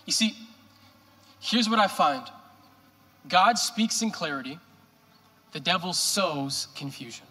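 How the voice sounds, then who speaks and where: Male pastor, animated joking sermon delivery, bright tenor voice, church hall echo. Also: sits high, takes it slowly, pauses often. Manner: animated, joking preacher with rhetorical questions. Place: church sanctuary.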